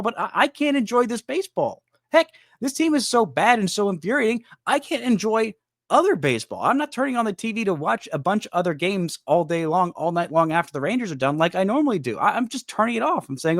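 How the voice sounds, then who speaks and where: A man with a fairly high voice hosts a solo sports podcast and vents his frustration with emphatic, exasperated delivery. His pitch swings widely as he talks. The recording is dry and close, with no room sound. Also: sing-song, moderate pace, no room sound. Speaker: podcast host. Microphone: studio microphone.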